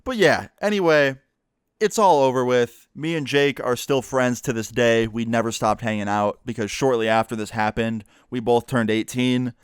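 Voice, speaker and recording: Smooth-voiced young man telling a story. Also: mid-range voice, moderate pace, no room sound, clean studio sound. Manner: profane, animated retelling with quoted dialogue. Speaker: YouTuber. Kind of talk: casual storytime monologue.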